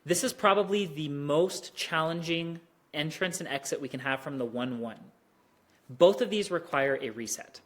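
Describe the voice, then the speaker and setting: A teacher giving an online lesson on Mandarin tones, who speaks slowly and carefully and exaggerates the tones to demonstrate them. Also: mid-range voice, fairly bright tone.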